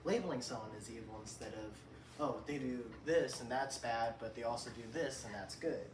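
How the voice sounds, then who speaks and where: A man's voice: medium pitch, fairly quick. A young man co-hosting a podcast, putting dry, teasing questions to his father. He sits back from the mic, so his voice sounds distant and echoey. Faint noise runs underneath. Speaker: podcast co-host, son. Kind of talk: casual chat.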